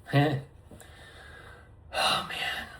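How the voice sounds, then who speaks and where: A man's voice: very slow, pushed and bright, a little hiss or hum. A man rambling through a profane, free-associating solo monologue to his viewers. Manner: profane, stream-of-consciousness wordplay. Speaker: vlogger.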